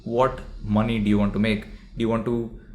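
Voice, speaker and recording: Young male vlogger, lowish voice, blunt and provocative, rapid rhetorical questions. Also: flat delivery, a little mellow, slight background noise. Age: young adult. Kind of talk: direct-to-camera monologue.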